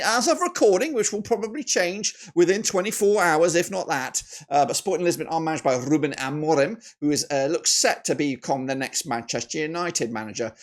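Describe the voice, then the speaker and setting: Animated man giving football predictions. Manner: animated, with frequent jumps in pitch and loudness; chatty, with filler "uh"s and self-corrections. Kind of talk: casual match-prediction commentary.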